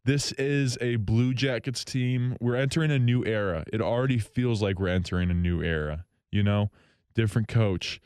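A man hosting a solo hockey talk show from a station studio, rambling, excitable and jokingly bitter. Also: mid-range voice, clear, resonant tone, dry recording. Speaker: hockey podcast host.

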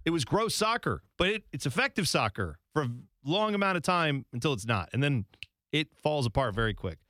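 A man's voice: a little high, very animated, brisk, a bit bright, dry recording, clean studio sound. A man co-hosting a soccer podcast in casual, rambling chat, laughing often and slipping into mocking quote voices. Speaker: podcast co-host.

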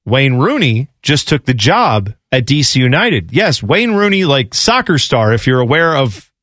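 A man's voice: mid-range voice, big pitch swings, unhurried, a bit bright, no room sound, studio quality. A man hosting a sports talk show in casual chat, rambling and joking with frequent laughter. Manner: rambling, jokey, laughs often. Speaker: sports radio host.

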